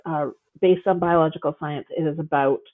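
A woman's voice: low-pitched, fairly even intonation, a little fast. A woman guest author chatting casually and enthusiastically, gushing with lots of fillers, heard over a call. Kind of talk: casual chat. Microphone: phone call. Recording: tinny phone line.

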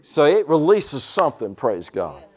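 A man with a fairly high, unhurried voice preaches a sermon, animatedly sharing personal stories and punctuating them with frequent amens and hallelujahs.

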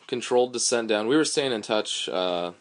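A man in casual chat recounting a rope descent step by step, measured and halting with fillers. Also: medium pitch, expressive.

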